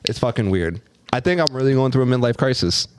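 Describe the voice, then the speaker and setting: A man's voice: medium pitch, lively intonation, fast talker, noisy background. Blunt, profane man in his thirties. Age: 30s. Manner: blunt, profane, self-deprecating. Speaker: podcast host. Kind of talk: casual podcast banter.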